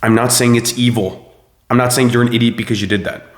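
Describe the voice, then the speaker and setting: A young man giving a blunt, profane motivational rant, preachy and forceful. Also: medium pitch, steady tone, fast talker, echoey room. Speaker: self-improvement video host.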